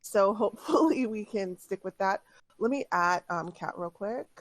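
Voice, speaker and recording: A woman's voice: medium pitch, animated, moderate pace. A woman who is the game master, chatting casually before a tabletop session in a talkative way with lots of filler words.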